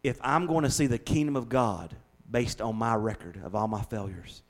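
A middle-aged American man preaching a sermon as pastor, in a folksy, animated way that swings from loud to hushed. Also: medium pitch, normal speed. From United States.

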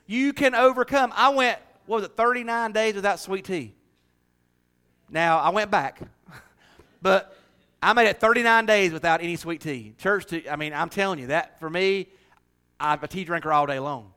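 Folksy pastor with a higher voice. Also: male voice, moderate pace, pushed and bright, smooth. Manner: folksy, joking, chatty. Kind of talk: sermon with church announcements.

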